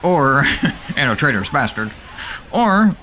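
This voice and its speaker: A man hosting a gaming channel, giving excitable, jokey let's play commentary that is full of swearing and laughter. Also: mid-range voice, a little slow, slight background noise.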